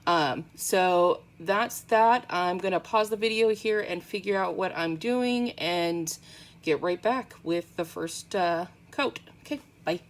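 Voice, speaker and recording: A woman's voice: lowish voice, slow pace. A woman chatting casually through a nail art tutorial at home, rambling with frequent ums.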